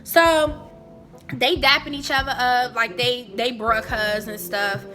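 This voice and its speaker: A young woman telling a personal story in a casual, animated, chatty way. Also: on the high side, takes it slowly, faint music behind. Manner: animated, chatty, jumping into quoted voices. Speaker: vlogger.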